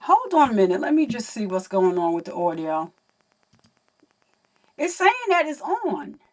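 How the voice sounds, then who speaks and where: A woman's voice: mid-range voice, sing-song, measured pace, recorded from a distance. A young woman hosting a casual livestream, chatting to viewers while fixing her audio. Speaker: livestream host.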